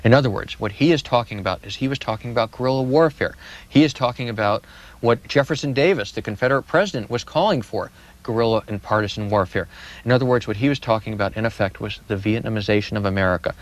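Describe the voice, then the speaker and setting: A man's voice: fairly low pitch, quick pace. A man answering interview questions as a guest historian, telling history with vivid, dramatic repetition.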